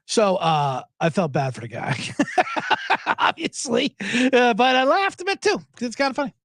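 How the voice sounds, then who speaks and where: A man hosting a podcast, chatting casually and rambling through stories, acting out other people's lines in loud, higher voices. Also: very animated, normal speed. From South Jersey, USA. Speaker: podcast host. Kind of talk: casual chat.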